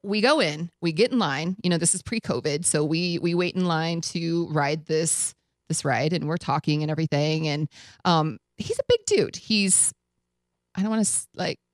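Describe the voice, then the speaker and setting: Eine Frau, Moderatorin einer Radiosendung, die locker und lebhaft eine persönliche Geschichte erzählt und Zitate mit Lachen nachspielt. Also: female voice, low-pitched, moderate pace, no echo. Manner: animated, acts out quotes with laughs. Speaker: radio show host. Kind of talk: casual storytelling chat.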